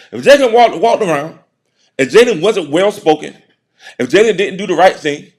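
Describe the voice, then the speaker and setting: A middle-aged man hosting a show, giving a casual, joking commentary monologue and laughing often. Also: fairly high pitch. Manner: joking, laughing often, mocking put-on voices. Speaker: show host.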